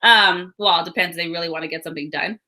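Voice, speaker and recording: A woman's voice: fairly low pitch, quick pace, bright, forceful tone. A woman giving a casual, upbeat weekly horoscope and card reading, chatting straight to her viewers. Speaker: astrology and card reader.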